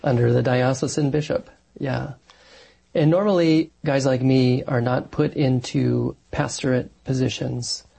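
Married priest guy talking it through, earnest, lots of ums, low mellow gravelly voice. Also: fairly even intonation, a little slow. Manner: earnest, thoughtful, with frequent fillers and restarts. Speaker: married Catholic parish priest, guest. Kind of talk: conversational interview answers.

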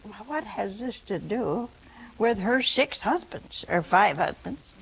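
A woman's voice: medium pitch, lively intonation, slow pace, gravelly, breathy edge, rough recording. A woman preaching a sermon, telling the story with acted-out quotes, rhetorical questions and asides to her listeners.

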